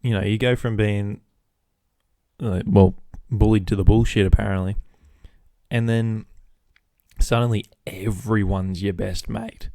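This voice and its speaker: A man's voice: lowish voice, steady tone, a little slow, warm tone, no room sound, studio quality. A young Australian man hosting a solo podcast, rambling casually and swearing freely. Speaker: podcast host.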